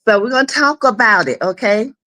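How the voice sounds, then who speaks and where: A little high, expressive, and sharp in tone, this woman's voice moves fairly quickly. She's a livestream host from South Carolina, casually chatting from home, welcoming viewers by name and laughing often.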